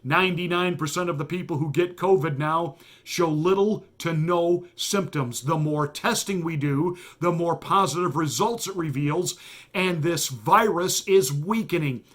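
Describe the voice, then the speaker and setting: A man's voice: a little high, measured pace. A man, a pastor who hosts his own show, delivering a combative and mocking political commentary monologue with heavy emphasis.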